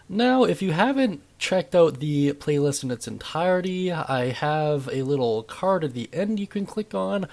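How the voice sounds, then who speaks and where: An enthusiastic young man hosting a tabletop roleplaying channel. His voice rises and falls in an animated sing-song as he chats to viewers. It sits at an ordinary middle pitch for a man. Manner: upbeat, chatty, lively intonation. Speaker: D&D video host. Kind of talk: enthusiastic tabletop game explainer.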